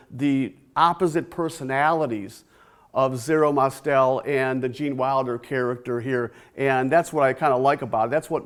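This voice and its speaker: A man presenting a casual, rambling talk to a library audience, chatty with restarts and small laughs. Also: medium pitch.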